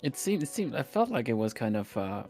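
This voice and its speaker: Gravelly, laid-back male guest from Sweden. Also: medium pitch, very animated, brisk, darkish tone, faint music behind. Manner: laid-back, laughs often, short replies. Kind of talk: casual streamed chat.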